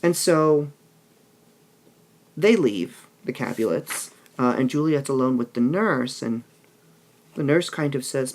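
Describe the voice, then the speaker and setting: A man's voice: mid-range voice, animated, takes it slowly, long pauses. A male teacher explaining a play in a recorded lesson, checking in with "all right?" as he goes. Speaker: English teacher.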